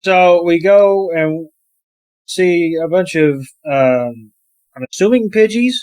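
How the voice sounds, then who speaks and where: Slow, easygoing podcast co-host with a hesitant delivery and a higher voice. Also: male voice, darkish tone. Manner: unhurried, hesitant storytelling with fillers. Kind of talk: casual movie recap.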